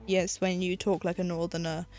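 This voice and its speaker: A woman's voice: fairly low pitch, level tone, normal speed, a little mellow, soft background music. A woman from the UK with a British accent, rambling casually and joking to her viewers while she stitches at home. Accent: British English. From United Kingdom. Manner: rambling and chatty, with frequent "like" and self-aware jokes. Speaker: live-streaming stitcher.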